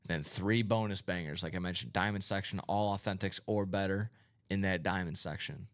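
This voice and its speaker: A man's voice: sits low, fairly quick, smooth, dry recording, clean studio sound. Upbeat man hosting a live card break. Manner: upbeat, with hype catchphrases. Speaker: card break livestream host. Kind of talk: casual live-stream banter. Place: card break room studio.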